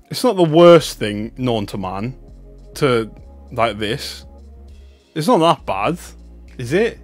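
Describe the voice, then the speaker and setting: A young man with a North East English accent, chatting glumly and mocking himself as he opens cards for viewers on a livestream. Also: medium pitch. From North East England. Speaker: card-opening streamer. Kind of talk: casual livestream chat.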